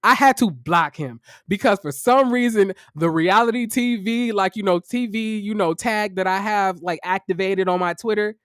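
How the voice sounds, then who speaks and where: A man giving casual reaction commentary on a reality show, profane and animated, with sassy, theatrical exclamations and dramatic asides. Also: high-pitched, moderate pace, few pauses, clean tone, dry recording, studio quality.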